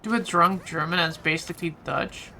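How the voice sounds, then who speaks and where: Talking to chat while gaming, this Flemish streamer from Belgium keeps up casual live commentary with some mild swearing. Her voice is low-ish, creaky, bright and forceful, delivered briskly with fairly even intonation.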